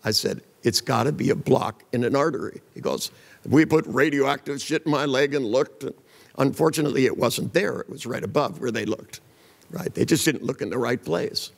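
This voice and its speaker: A man's voice: medium pitch, normal speed, creaky, big-room sound. An older man giving a seminar talk, telling blunt, joking stories and acting out the voices of people in them. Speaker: seminar speaker. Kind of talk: live seminar talk with anecdotes.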